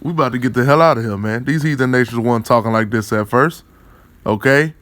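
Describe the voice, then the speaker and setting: A man's voice: medium pitch, fast, a bit bright, no echo. Rambling profane man, dry sound. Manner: profane, rambling, keeps repeating tag questions and fillers; chuckles often while talking. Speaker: religious commentator. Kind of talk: rambling commentary on news articles.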